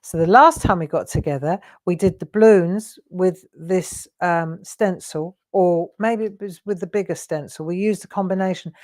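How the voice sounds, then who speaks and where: A woman's voice: on the low side, normal speed, few pauses, a little mellow. A woman hosting a live craft demonstration, chatting and teasing her viewers with frequent laughs. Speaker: craft show host.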